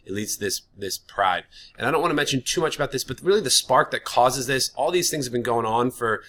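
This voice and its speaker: A man's voice: mid-range voice, fast talker, a bit bright. A man teaching a history lesson in a casual, chatty way, often using filler words. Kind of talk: classroom lecture.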